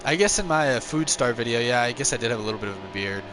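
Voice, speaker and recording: A man's voice: quick pace, noisy background. A man streaming a racing game live, chatting casually with viewers and joking at his own expense. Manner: chatty and self-mocking, yelps high with excitement during racing.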